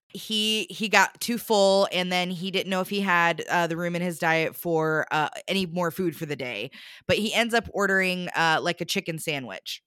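A woman's voice: lowish voice, bright, forceful tone, clear, resonant tone, no room sound, clean studio sound. A young adult woman animatedly recounting a bad date in casual chat, acting out the quotes with lots of fillers.

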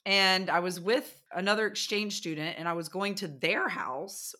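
A woman chatting casually and telling a story in an animated way, acting out the people and sounds in it. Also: mid-range voice, normal speed.

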